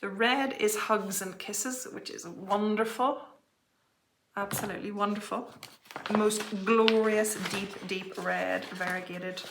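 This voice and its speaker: A woman's voice: medium pitch, fairly even intonation, measured pace, vocal fry, reverberant, background noise. A woman hosting her cross-stitch show, chatting casually about her projects with frequent little laughs and apologetic asides. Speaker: flosstube host. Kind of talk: casual show-and-tell chat.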